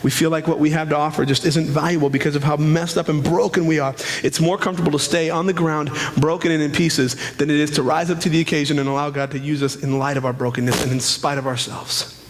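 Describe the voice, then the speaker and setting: A man in his thirties, a pastor preaching a sermon in a church, emphatic, with slow stresses and quick asides. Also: on the high side, little pitch movement, in a large hall.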